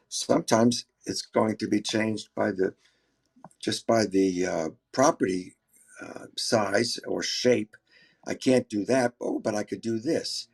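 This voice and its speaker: A man's voice: lowish voice, creaky, breathy edge. A man who works as an architect, talking reflectively in a group call, often restarting his sentences. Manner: reflective, frequent restarts and fillers. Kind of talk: casual group discussion.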